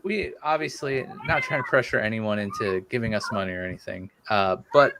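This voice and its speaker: A man's voice: on the low side, a little fast. Rambling podcast host man, faint hiss. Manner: rambling, filler-heavy, jokey. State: hiccups. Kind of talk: casual podcast chat.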